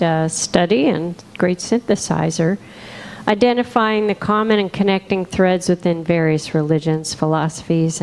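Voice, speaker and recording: A woman reading a candle-lighting liturgy in a measured, slightly hesitant way. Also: fairly low pitch, darkish tone, a little hiss or hum. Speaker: liturgy reader.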